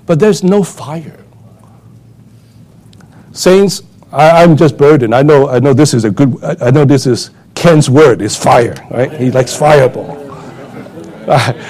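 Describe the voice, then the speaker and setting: A man preaching a sermon with conversational asides, full of fillers and restarts, then building to urgent, impassioned exhortation. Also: darkish tone. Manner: impassioned, rising to urgent high-pitched exhortation.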